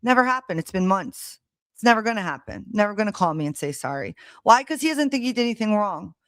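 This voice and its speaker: A woman venting to her stream audience in a blunt, heated way, cursing as she talks. Her pitch sits in a middle range. The sound is dry and close, with almost no room echo. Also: expressive, fast. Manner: blunt, heated storytelling with swearing. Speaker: live stream host. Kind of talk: casual monologue to a live audience. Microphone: streaming setup mic.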